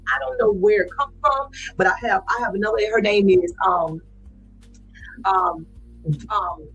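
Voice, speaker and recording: Woman, talk show host, husky, effusive, faint background music. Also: lo-fi sound. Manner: effusive, repeats herself, swoops in pitch. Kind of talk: casual interview chat.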